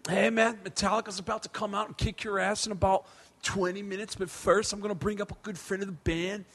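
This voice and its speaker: A man's voice: high-pitched, level tone, fairly quick, fairly bright tone, voice pushed up. A man doing a laid-back rock drummer. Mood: easygoing. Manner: casual, drawling, swears freely.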